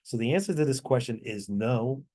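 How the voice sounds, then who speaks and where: A man leading a tax training class over a video call, explaining answers step by step with frequent fillers and quick apologies. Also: mid-range voice, lively intonation, mellow.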